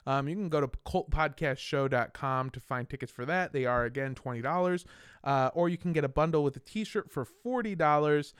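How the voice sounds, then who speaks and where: A male podcast co-host with a slightly raised, smooth and clear voice. He swears freely and wanders through ad reads with fillers. The sound is close and dry. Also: a little high, a little fast, a bit bright, no echo. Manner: profane, jokey, rambling with fillers. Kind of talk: casual podcast chat with ad reads.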